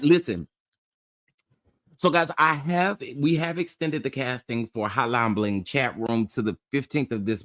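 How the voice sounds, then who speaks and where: A man hosting a casual live stream, chatting with viewers, greeting them by name and laughing often in a sassy, animated way. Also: medium pitch, no room sound. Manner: sassy and chatty, calls people honey, child, baby. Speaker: livestream host.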